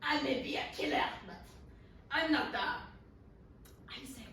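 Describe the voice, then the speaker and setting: Woman playing a pompous napoleon, fake french accent, high voice, slow, echoey room, mic far away. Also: fairly bright tone, a little hiss or hum. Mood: blustering. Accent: put-on French accent. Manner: mock-pompous, broken English, asks how to say words. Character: Napoleon, blustering French emperor on trial. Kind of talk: student stage reading.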